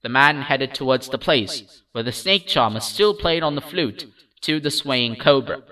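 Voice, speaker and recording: A man reading a story aloud as a storyteller, in a measured, expressive scripted narration. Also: mid-range voice, distant mic, rough recording.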